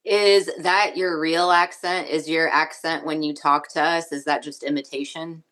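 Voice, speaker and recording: A woman's voice: sits low, steady tone, normal speed, a bit bright. A woman in a casual chat who speaks in an earnest, slightly hesitant way.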